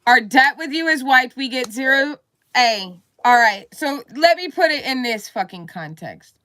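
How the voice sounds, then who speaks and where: A woman's voice: sits high, animated, unhurried, sharp tone. A woman livestreaming an angry, profane rant, repeating herself heatedly.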